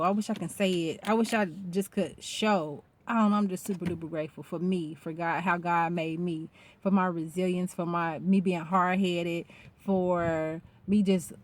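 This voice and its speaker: A woman talking casually in a vlog, rambling and animated and swearing freely. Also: lowish voice. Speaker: vlogger. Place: outdoors.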